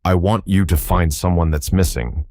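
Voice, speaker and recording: A man's voice: sits low, steady tone, moderate pace, a little mellow, no room sound, studio quality. A man voicing a nervous, apologetic upper-class young man who stammers and bumbles through his words. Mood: flustered.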